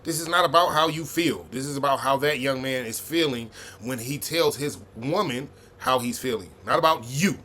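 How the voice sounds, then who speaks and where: A man's voice: mid-range voice, moderate pace, few pauses, sharp tone, slight background noise. A man hosting a reaction video, giving blunt, profane, heated commentary.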